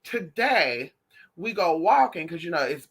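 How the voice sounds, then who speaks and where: A woman talking casually to her viewers in a lively, sassy way, often calling them honey and y'all. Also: fairly low pitch, unhurried, breathy edge. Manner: animated, sassy, calls listeners honey and y'all. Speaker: spiritual class teacher, vlogger.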